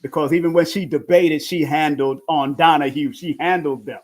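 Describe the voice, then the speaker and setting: A man's voice: a little high, fairly even intonation, moderate pace. A male host of an interview show who often chimes in with agreement and talks in a casual way. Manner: affirming, frequent agreement.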